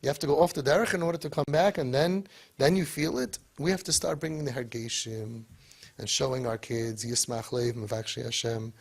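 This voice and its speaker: A man giving an animated motivational talk to parents, full of rhetorical questions. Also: medium pitch, brisk, gravelly. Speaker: speaker to parents.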